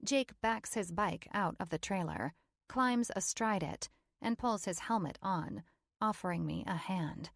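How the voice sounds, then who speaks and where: A woman's voice: medium pitch, measured pace, vocal fry, no room sound, studio quality. A woman narrating a first-person romance audiobook in a wry, playful storytelling manner.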